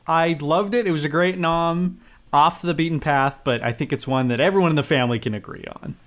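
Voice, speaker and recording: A man's voice: a little high, brisk, a bit bright. Easygoing man co-hosting a podcast. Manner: easygoing, chuckling. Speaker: podcast co-host. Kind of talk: casual comedic chat.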